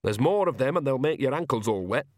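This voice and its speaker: A man's voice: mid-range voice, animated, fast, a little mellow, dry recording, clean studio sound, close to an everyday voice. A man voicing an earthy, shameless old witch woman who talks in a blunt, bawdy, down-to-earth way, in an audiobook reading.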